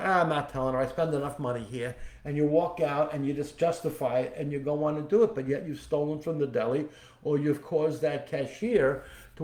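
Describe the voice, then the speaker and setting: A man's voice: on the high side, mellow. A man hosting a podcast, giving a spiritual teaching talk as a folksy storyteller who repeats his key phrases. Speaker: podcast host and psychic medium. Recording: echoey room.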